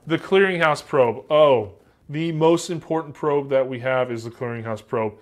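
A man's voice: medium pitch, normal speed. A man teaching a class in a casual, joking way, acting out example answers with a light Southern American accent. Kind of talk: classroom lecture.

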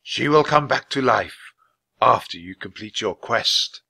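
A man voicing a mysterious, commanding knight, speaking slowly and loudly with a stern, booming delivery. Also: animated, vocal fry, husky, no room sound, full character voice. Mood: solemn.

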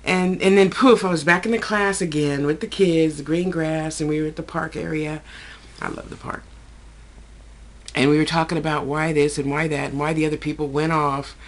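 A woman casually recounting a dream in a chatty, digressive way, slipping into a higher voice to quote people. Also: steady tone, a little fast, hardly any pauses. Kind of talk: casual rambling storytelling.

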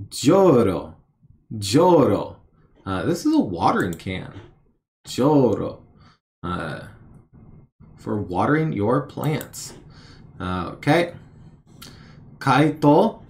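A man vlogging his study session casually, thinking aloud and slowly repeating words as he tries to recall them, with self-deprecating asides. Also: mid-range voice. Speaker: language learner vlogger.

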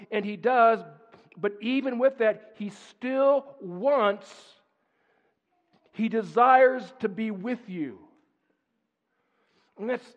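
A man with a notably high voice preaches in a church sanctuary, his words trailing off into a long reverb. The recording sounds dull and muffled. He talks conversationally and often restarts phrases. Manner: conversational, repeats words while searching for phrasing. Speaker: pastor. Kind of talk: sermon.

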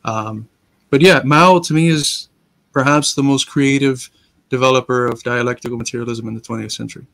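A man's voice: mid-range voice, a little fast, gravelly, fairly bright tone, no room sound. A man co-hosting a casual discussion, explaining ideas in a patient, lecture-like way like a teacher. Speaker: co-host and teacher.

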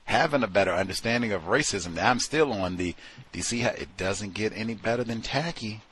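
A man with a low, husky voice hosts a talk show in loose, casual commentary. He rambles and stresses his points, circling back to repeat himself, and now and then slips into the voices of the people he quotes. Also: brisk, a bit bright.

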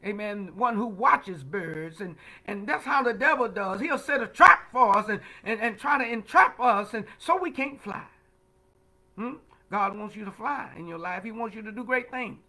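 A man's voice: high voice, expressive, moderate pace, pushed and bright, poor audio. A man leading a livestreamed Bible study as pastor, preaching in call-and-response style with frequent "amen" and "huh?", repeating words and greeting viewers by name. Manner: repeats words, stammering restarts.

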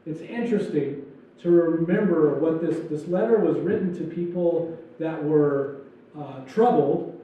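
A pastor with a fairly high voice preaches at a measured pace inside a church sanctuary. The sermon is loose and joking, with acted-out asides. Echo fills the hall, and the distant mic sounds dull.

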